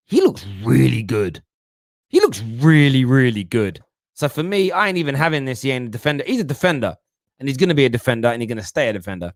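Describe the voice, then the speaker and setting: A man hosts a fan football show, talking in a lively, slangy way as he answers viewer comments. His voice sits in a middling register. The sound is dry and close. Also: mid-range voice, no room sound. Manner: animated, mocking put-on voices, London slang like "bruv". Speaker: football talk show host.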